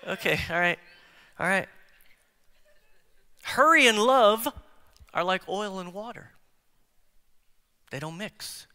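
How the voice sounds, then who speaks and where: Forceful bright-voiced preaching man, hall echo. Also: high-pitched, expressive, slow pace, long pauses, smooth. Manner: emphatic preaching, swinging from loud declarations to hushed near-whispers; engages the congregation with direct questions. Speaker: pastor. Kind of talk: sermon. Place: large church sanctuary. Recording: long hall reverb from church sanctuary.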